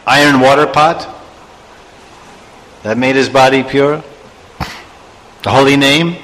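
Bright-voiced man telling a sermon story. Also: mid-range voice, takes it slowly, in a large hall, poor audio. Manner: digressive, chuckling asides and chanted verses. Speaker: spiritual teacher.

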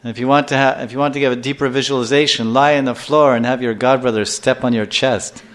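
An older man giving a scripture class lecture as a spiritual teacher, telling stories in a lively way and acting out little scenes. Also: mid-range voice, fast talker. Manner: animated storyteller who acts out scenes and chuckles often.

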